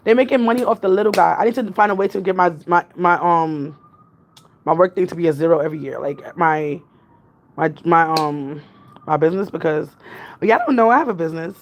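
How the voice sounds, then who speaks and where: Chatty New York woman with vocal fry. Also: fairly low pitch, fairly quick, a little hiss or hum. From Jamaican family. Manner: chatty, rambling, laughs often. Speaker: vlogger. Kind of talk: casual livestream chat.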